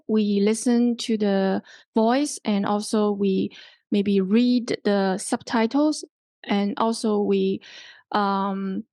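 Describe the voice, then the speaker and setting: A woman with a Hong Kong accent runs an online English pronunciation workshop, explaining slowly and step by step, repeating and rephrasing, and often checking with "okay?". Her medium-pitched voice is a little mellow, with no room sound.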